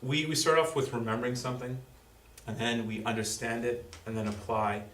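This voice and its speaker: At a school, a man presents to parents in a roomy hall, explaining in a halting way with lots of fillers. His mid-range voice is steady and fairly bright, and the recording sounds roomy and distant with faint background noise.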